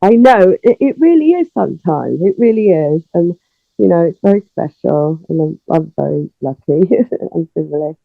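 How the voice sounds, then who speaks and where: Animated woman on a phone line. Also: lowish voice, moderate pace, gravelly, no room sound. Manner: animated storyteller, acts out dialogue, many fillers. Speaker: interview guest, singer. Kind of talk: casual interview storytelling. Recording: tinny phone line, dry.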